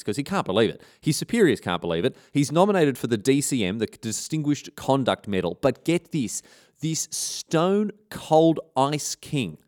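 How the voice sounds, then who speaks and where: A man with an Australian accent telling a history story in a comic, irreverent way, full of slang and rambling asides. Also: mid-range voice.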